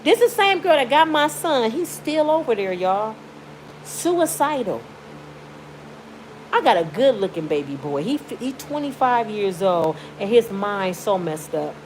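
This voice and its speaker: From her bed at home, a middle-aged Michigan YouTuber vents in an emotional personal vlog rant. Outspoken and pleading, she swings from indignant to tearful in a sing-song, unhurried voice on the high side. The recording is low quality, with slight background noise.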